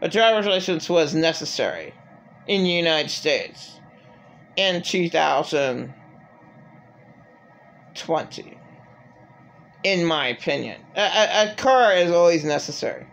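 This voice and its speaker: A woman's voice: deep voice, expressive, slow, creaky, pauses often, a little hiss or hum. A middle-aged woman talking in an agitated, rambling personal monologue full of filler words. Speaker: vlogger.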